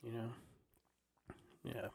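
A man hosting his own podcast from his desk, ranting heatedly and profanely, filling pauses with "you know" again and again. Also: a little mellow, no room sound. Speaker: podcast host. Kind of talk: casual solo podcast rant. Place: home desk. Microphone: desktop microphone and recorder.

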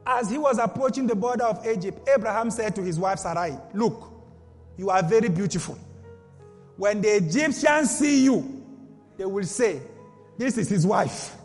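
A man's voice: high-pitched, moderate pace, big-room sound, soft background music. A man preaching a sermon with emphatic repetition and rhetorical questions.

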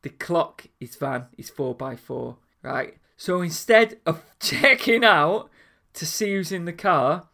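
A man telling anecdotes in a casual chat, animated and acting out the voices of people in his stories. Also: fairly high pitch, slow pace, gravelly.

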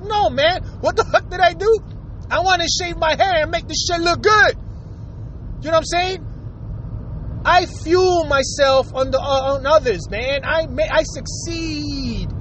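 High-voiced man in a profane rant. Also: fairly bright tone, a little hiss or hum, low-quality recording. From United States. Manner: profane, heated, blunt. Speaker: vlogger. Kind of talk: angry rant to camera.

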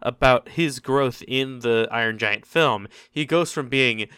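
A man co-hosting a comedy podcast, arguing his points in an animated, mock-serious way. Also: medium pitch, a little slow, clear, resonant tone, dry recording, clean studio sound. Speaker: podcast co-host. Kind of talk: casual comedic chat.

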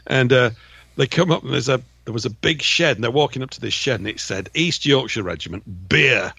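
A man's voice: medium pitch, brisk, gravelly, pushed and bright, breathy edge, dry recording. An English man co-hosting a radio talk show, chatting casually and jokily and sometimes mimicking regional accents. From England. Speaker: co-host.

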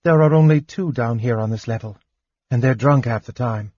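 A man voicing a calm woman prisoner in an audiobook, offhand and reassuring. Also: medium pitch, normal speed, slightly rough, dry recording, muffled recording, close to an everyday voice.

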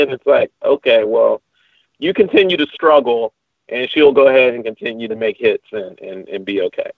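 A man's voice: medium pitch, moderate pace, vocal fry, dry recording. A man co-hosting a podcast, chatting casually in a rambling way with many fillers and restarts. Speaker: podcast co-host. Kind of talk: casual chat. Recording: tinny phone-like line, dry.

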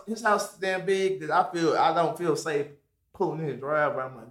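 Young man, bright, slightly high voice, loose animated storyteller who swears and squeaks up for quoted lines. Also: brisk. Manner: animated, jumps into high squeaky voices when quoting himself; swears freely, drops to a mumble on asides. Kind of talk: casual storytelling among friends.

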